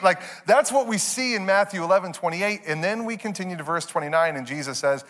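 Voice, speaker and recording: A man preaching a sermon as a pastor, telling a story in a chatty, animated way and asking the congregation questions. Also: fairly high pitch, fairly quick, few pauses, big-room sound. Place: church sanctuary.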